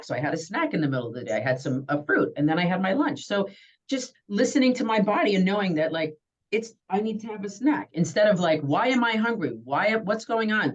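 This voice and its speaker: Chatty webinar presenter, slightly dull audio. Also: medium pitch. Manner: chatty, keeps asking "right?" and "you know?". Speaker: healthcare provider presenting a webinar. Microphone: computer mic on a video call.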